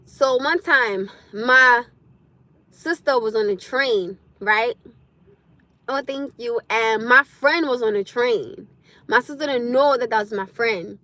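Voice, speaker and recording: Loud, bright-voiced woman chatting from her car. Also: on the high side, slow, no echo. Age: adult with a school-age son. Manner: loud, blunt and animated, laughs often. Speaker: livestreamer. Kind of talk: casual live-stream chat.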